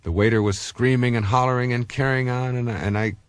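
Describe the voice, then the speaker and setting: A man's voice: medium pitch, fairly even intonation, fairly quick, smooth, no echo. A middle-aged man giving a recorded self-help talk, telling personal stories conversationally with frequent fillers and restarts.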